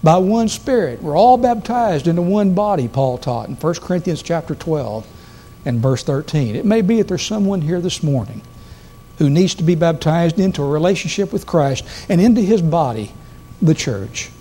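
A man's voice: fairly high pitch, animated, moderate pace, dark tone. A man preaching a sermon to a congregation, reading scripture with strong emphasis. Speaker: guest preacher. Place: church sanctuary.

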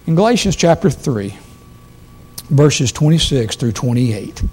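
Lively, mellow-voiced man preaching. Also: medium pitch, unhurried, slightly rough. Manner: emphatic, rising to loud scripture readings. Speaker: guest preacher. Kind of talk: sermon. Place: church sanctuary.

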